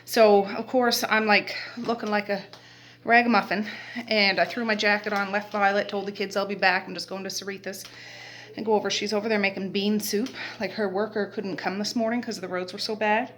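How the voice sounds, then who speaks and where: Rocking in a chair at home, this Nova Scotia vlogger and mother, middle-aged, rambles through a day-in-the-life chat packed with fillers. She speaks a little fast in a medium-pitched, slightly bright voice that barely moves in pitch.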